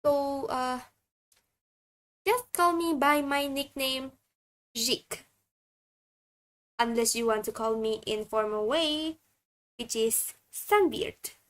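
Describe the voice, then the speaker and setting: High, slow-talking woman. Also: a bit bright. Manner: halting, chatty. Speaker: streamer. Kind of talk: casual stream self-introduction.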